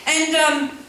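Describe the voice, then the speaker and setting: A woman's voice: sits high, background noise. A young woman performing a stand-up comedy set, rambling through her jokes with lots of fillers and self-deprecating asides. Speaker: stand-up comic. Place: school auditorium before a laughing audience. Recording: echoey hall from far off.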